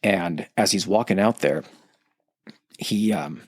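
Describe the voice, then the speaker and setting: A man's voice: low voice, slow, slightly rough, no room sound, studio quality. A podcast host in casual chat, loosely retelling a story and acting out the quotes in his own voice.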